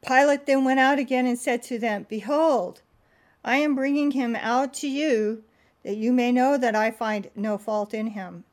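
Earnest, prayerful woman preacher, fairly high voice. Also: a little slow. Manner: earnest and prayerful, with fervent repetitions; reads scripture aloud with dramatic emphasis. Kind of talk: prayerful sermon and scripture reading.

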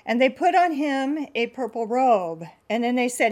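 A woman preaching in a fairly high voice that stays earnest and prayerful. She leans into fervent repetition as she prays. When she reads scripture aloud, she gives it dramatic emphasis. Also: expressive, measured pace, darkish tone. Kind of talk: prayerful sermon and scripture reading.

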